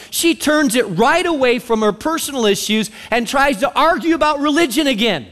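A male preacher delivering a sermon with animated, conversational storytelling and direct questions to the listeners. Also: very high-pitched, moderate pace, hardly any pauses, long reverb tail.

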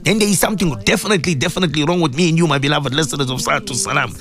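Male host, live religious radio: fervent, repetitive preaching, slightly high voice, faint music bed. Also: racing, a bit bright. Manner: impassioned, repetitive, addresses listeners directly. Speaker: radio presenter and Islamic preacher. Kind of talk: live religious radio talk with listener messages. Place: radio studio.

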